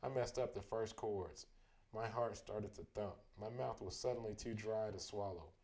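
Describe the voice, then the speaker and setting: A man's voice: lowish voice, normal speed, a little mellow. Man reading a bedtime story. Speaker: storybook reader.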